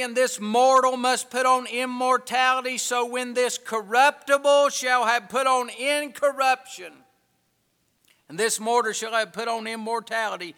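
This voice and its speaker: A man preaching a sermon, swinging between hushed asides and loud, drawn-out emphasis. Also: very high voice, vocal fry, clean tone, in a large hall. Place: church.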